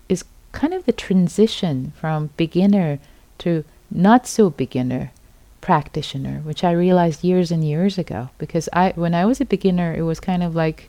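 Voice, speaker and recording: A middle-aged woman giving a gentle, repetitive dharma talk as a meditation teacher at a retreat center. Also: fairly low pitch, moderate pace, dry recording.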